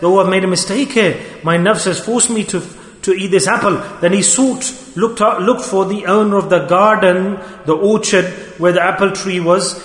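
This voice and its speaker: A man's voice: high-pitched, a bit bright. A male preacher, telling a moral story in a sermon with urgent, repeated questions. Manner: urgent, questioning, repeats phrases, rapid bursts. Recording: echoey hall reverb.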